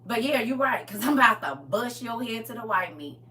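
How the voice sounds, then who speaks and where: A woman giving an impassioned testimony, swinging between shouting and low intense talk with lots of emphatic repetition. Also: expressive, fairly quick, far from the mic.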